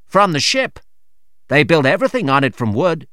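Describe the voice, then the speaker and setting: A man's voice: a little high, big pitch swings, moderate pace, sharp tone, no echo, studio quality. A man voicing an eager seaman on a steamship, speaking up earnestly. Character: eager male ship's seaman, practical.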